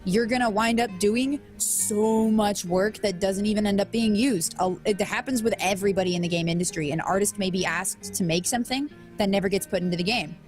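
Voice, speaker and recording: Female co-host, lively storyteller, casual chat. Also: mid-range voice, brisk, hardly any pauses, soft background music. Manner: animated storytelling with acted-out quotes. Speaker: podcast co-host, game programmer.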